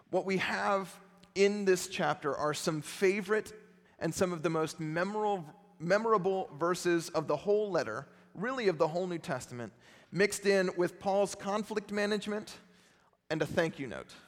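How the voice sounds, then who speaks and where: A man's voice: high voice, moderate pace, big-room sound. A male pastor preaching a sermon in a conversational, self-deprecating storytelling manner.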